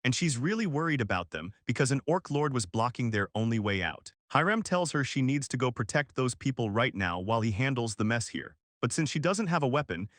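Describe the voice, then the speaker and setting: A man's voice: mid-range voice, big pitch swings, a bit bright, no echo. Casual male recap narrator, dry sound. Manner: casual, slangy, brisk storytelling. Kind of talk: scripted story recap narration.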